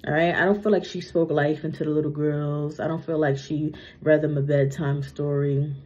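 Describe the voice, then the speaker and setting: A woman's voice: low voice, flat delivery, normal speed, a little mellow. A young adult woman doing a psychic reading in a casual monologue, chatty, tagging sentences with "right?" and "okay?", her speech a little slurred from a retainer. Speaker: psychic medium. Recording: muffled lo-fi recording.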